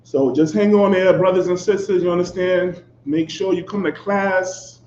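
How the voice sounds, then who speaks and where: A man's voice: high-pitched, normal speed, darkish tone. Fiery preacher man, echoey lo-fi recording. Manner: repeats "you understand?" after nearly every phrase; fiery and profane. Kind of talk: confrontational sermon. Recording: echoey, dull lo-fi recording with faint background noise.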